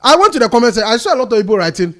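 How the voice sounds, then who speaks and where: A man's voice: very high voice, big pitch swings, very fast, fairly bright tone. A man with a Ghanaian accent, an emphatic panelist in a discussion. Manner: emphatic, mixing English and Twi.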